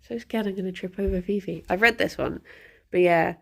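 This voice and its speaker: A woman chatting casually on a live stream, halting with fillers and breaking off to baby-talk to her pet. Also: medium pitch, creaky, a bit bright, breathy edge.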